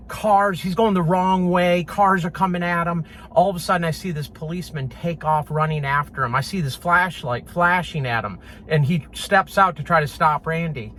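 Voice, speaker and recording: A man telling a funny personal story in a casual, animated way, often laughing and mimicking sounds. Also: a little high, slight background noise. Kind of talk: casual anecdote.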